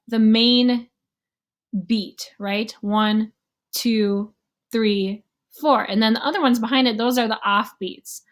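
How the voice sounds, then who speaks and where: A young adult woman giving a casual online music lesson, explaining rhythm and scales and sometimes humming or counting beats aloud. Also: fairly high pitch. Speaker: music teacher.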